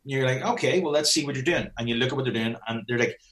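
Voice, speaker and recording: A man's voice: medium pitch, racing, fairly bright tone. Blunt swearing man coaching trainers. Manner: blunt, swears often, acts out dialogue. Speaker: fitness business coach. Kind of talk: casual podcast chat.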